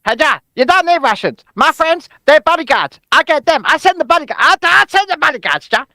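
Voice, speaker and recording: A man putting on a loud, boastful tough-guy voice, offering to send his bodyguards. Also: extremely high pitch, expressive, fairly quick, no echo, studio quality, pitched above the performer's own voice, exaggerated voice.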